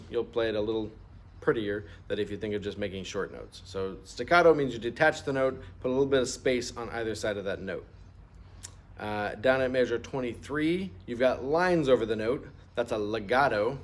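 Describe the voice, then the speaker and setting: A middle-aged man gives a music lesson on an instrument, explaining patiently in steps and prompting students to repeat terms aloud. His voice is mid-range and his delivery brisk.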